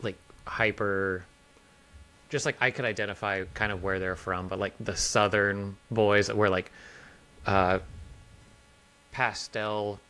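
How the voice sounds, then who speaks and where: A man chats loosely on a podcast, his voice sitting a little low. He wanders through stories and laughs at his own punchlines. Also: fairly even intonation, slow pace, long pauses, sharp tone, smooth. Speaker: podcast co-host. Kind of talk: casual chat.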